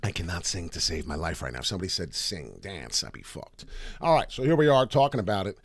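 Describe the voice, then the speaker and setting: Animated man, lively pitch, slightly raspy. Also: fast. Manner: animated, rambling, swears freely. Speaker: crypto chart analyst host. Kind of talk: casual livestream market commentary.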